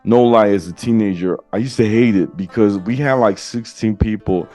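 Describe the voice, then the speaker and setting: A man's voice: on the low side, moderate pace, dark tone, faint music behind. A man hosting a podcast, talking casually and slangily, often adding "you know what I'm saying". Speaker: podcast host. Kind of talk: casual chat.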